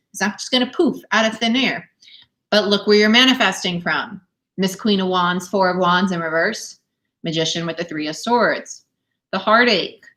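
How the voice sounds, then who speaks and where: A young adult woman reads tarot cards live for her viewers from home. She talks in an animated, encouraging way and laughs often between her points. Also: mid-range voice. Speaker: tarot reader. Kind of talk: live-stream tarot reading. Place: home, dog nearby.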